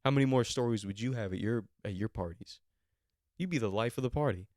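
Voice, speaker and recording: A man's voice: medium pitch, fast, a little mellow, no room sound, clean studio sound. A young man hosting a podcast, telling a rambling, profane story with mock outrage. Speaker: podcast host. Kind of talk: comedic storytelling chat.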